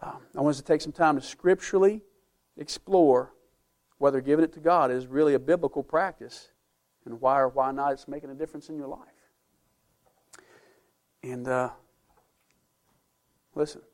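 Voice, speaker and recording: A man preaching a sermon as pastor, emphatic, with conversational asides to the congregation. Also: on the high side. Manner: emphatic preaching, rising and falling loudness.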